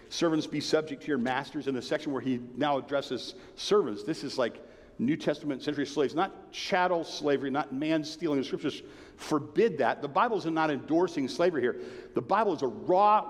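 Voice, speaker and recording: Preaching man in a reverberant hall. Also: a little high. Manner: conversational preaching, rises to emphatic then drops to a hushed tone. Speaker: pastor. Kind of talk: sermon.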